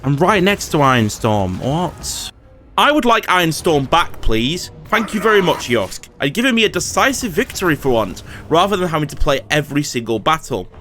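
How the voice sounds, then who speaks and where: Soft music plays behind a very animated man whose voice is fairly high and a bit bright, at normal speed. As a gaming YouTuber, he swears through casual strategy-game commentary, frustratedly addressing the enemy AI lords.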